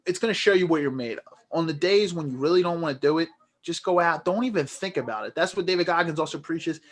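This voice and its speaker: A man's voice: fairly high pitch, quick pace. A man co-hosting a podcast, talking earnestly and motivationally in casual chat with plenty of fillers. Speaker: podcast co-host.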